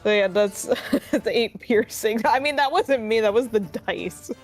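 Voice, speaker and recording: A woman's voice: a little high, unhurried, soft background music. A woman playing a tabletop game, giggly and swearing casually as she talks. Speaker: player.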